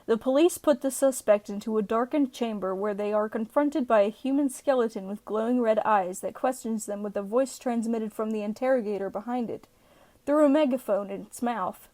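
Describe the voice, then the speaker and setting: A woman's voice: fairly high pitch, normal speed, mellow. A young woman casually reading internet posts aloud and adding playful, sweary asides between giggles. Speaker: reddit post reader.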